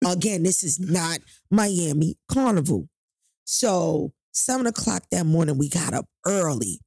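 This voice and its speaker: A gravelly, husky-voiced woman, telling a story from her own life to a podcast audience. Her voice sits low and dark, and the sound is close and dry, with no room around it. She talks casually, swears freely and throws herself into other people's lines. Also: unhurried, no echo. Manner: animated, profane, acts out quotes loudly.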